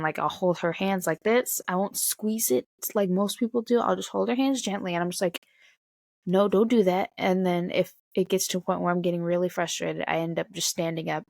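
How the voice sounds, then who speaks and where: A young woman and mother talking bluntly to camera in a casual vlog, swearing often and getting animated. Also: on the low side, vocal fry, dry recording, studio quality. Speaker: mother of a toddler.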